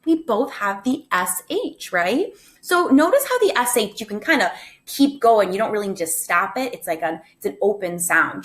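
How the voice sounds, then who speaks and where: A woman's voice: mid-range voice, very animated, normal speed, a bit bright. A woman teacher giving a recorded phonics lesson to first graders, upbeat, chatty and encouraging.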